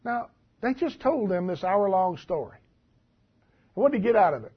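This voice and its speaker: High husky-voiced preacher man. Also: normal speed, long pauses. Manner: folksy, animated, laughs at the text. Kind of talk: sermon, reading and commenting on scripture. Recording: dull lo-fi recording.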